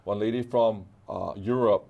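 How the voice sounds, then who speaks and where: A man's voice: fairly low pitch, steady tone, normal speed, vocal fry, narrow, tinny audio. A middle-aged man from Hawaii with a Hawaiian accent, animatedly telling stories in a casual interview and acting out the dialogue. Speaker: guest artist.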